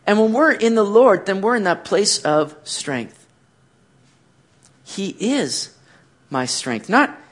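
High-voiced man preaching a sermon. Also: slow, long pauses. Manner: animated preaching, rhetorical questions, rises to near-shouts. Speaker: pastor.

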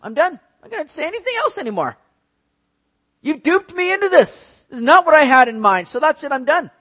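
A man's voice: extremely high pitch, big pitch swings, fairly quick, pushed and bright, pitched above the performer's own voice, heavily acted. A male preacher voicing a weary, exasperated prophet who is quitting his calling, with pleading, complaining outbursts. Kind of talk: acted quote in a sermon.

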